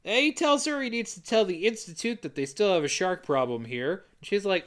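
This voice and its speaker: A man co-hosting a podcast, retelling a movie scene by scene in casual chat and briskly quoting the characters. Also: sits high, animated, a bit bright. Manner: brisk storyteller quoting characters in quick voices. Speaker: podcast co-host.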